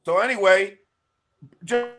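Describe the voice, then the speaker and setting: A man guesting on a podcast, telling stories loudly in casual chat. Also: high-pitched, unhurried, music in the background. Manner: loud, animated storyteller.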